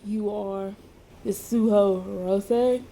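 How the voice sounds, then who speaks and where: A woman's voice: mid-range voice, fairly even intonation, slow, warm tone, pitched below the performer's own voice. A woman reading the lines of a confused young man with no memory, in her own voice and a bewildered, questioning manner.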